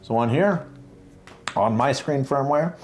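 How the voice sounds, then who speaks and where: A man hosting a casual livestream, talking through printer setup step by step in a relaxed way with fillers. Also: medium pitch, measured pace, slight background noise. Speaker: host. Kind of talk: casual livestream tech talk.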